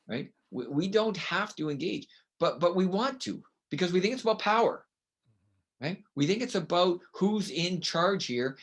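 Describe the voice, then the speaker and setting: A man speaking as an interview guest, explaining with emphatic, coaching rhetorical questions. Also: a little high. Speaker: guest educator. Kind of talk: conversational interview.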